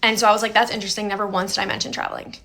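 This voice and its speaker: A woman's voice: mid-range voice, flat delivery, racing, sharp tone. Indignant young woman telling a story. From New Jersey. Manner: indignant, quotes both sides with "I was like". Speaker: storyteller recounting a date. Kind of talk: casual storytelling video.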